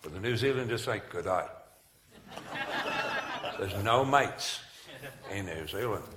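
A man's voice: fairly low pitch, moderate pace, very noisy. A man preaching a humorous sermon in a large hall, telling stories with jokes and asides. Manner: animated storytelling, jokes and asides. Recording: echoey hall recording.

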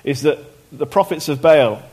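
Pastor preaching with lively emphasis. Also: male voice, a little high, normal speed, husky. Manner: conversational preaching, rising louder when quoting the prophet. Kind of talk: sermon with scripture reading. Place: church hall.

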